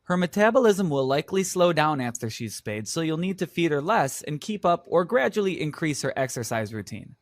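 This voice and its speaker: A man's voice: fairly high pitch, sing-song, fairly quick, hardly any pauses, no room sound. A man playing a patient vet in a scripted exam listening dialogue, explaining things reassuringly. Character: calm reassuring male vet. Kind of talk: scripted exam role-play.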